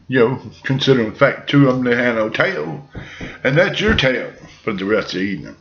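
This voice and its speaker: A man's voice: mid-range voice, animated, a little fast, creaky, fairly bright tone, dull audio. A man ad-libbing a bedtime story in a folksy, rambling way full of jokey asides.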